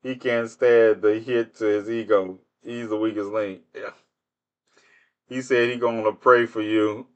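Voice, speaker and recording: A man's voice: on the low side, steady tone, a little slow, clear, resonant tone, lo-fi sound. A man hosting a live stream, answering commenters in casual speech, mocking them with rhetorical questions. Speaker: livestream host.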